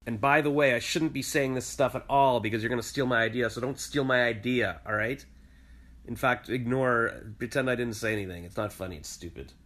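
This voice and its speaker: A vlogger and voice actor films a casual vlog from home, speaking a little fast in a mid-range, fairly bright voice. He rambles and makes self-deprecating jokes.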